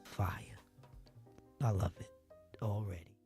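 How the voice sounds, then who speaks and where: A man casually showing off a pen on a livestream, slangy and hushed at times. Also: fairly low pitch, steady tone, slow, soft background music. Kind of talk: casual product talk on stream.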